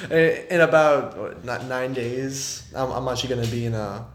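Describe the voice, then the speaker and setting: A man hosting a casual interview, chatty and laid-back, asking quick questions. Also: mid-range voice, slight background noise. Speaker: host. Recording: echoey room.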